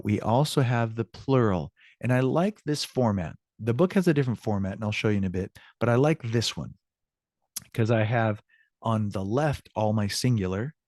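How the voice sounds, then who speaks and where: A man's voice: on the low side, a little mellow, no echo, studio quality. Chatty older man teaching class. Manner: chatty, upbeat explaining. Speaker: Spanish teacher. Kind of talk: classroom lesson.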